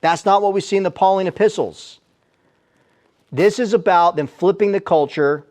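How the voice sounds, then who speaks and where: A man's voice: high-pitched, normal speed, darkish tone. A man speaking as a Christian apologist, giving an emphatic live teaching talk in a church with rhetorical questions. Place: church sanctuary, before a live audience.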